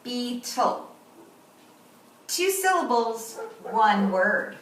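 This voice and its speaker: A woman teaching kindergarten, who talks slowly and clearly to young children and sounds out and repeats words. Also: high-pitched, expressive, a bit bright. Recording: roomy echo, voice from a distance, faint noise.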